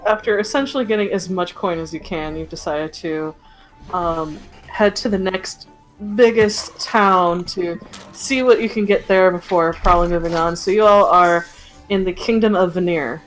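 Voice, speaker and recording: A woman's voice: fairly low pitch, moderate pace, faint music behind, poor audio. A young woman running a tabletop game as game master, chatting casually with many fillers.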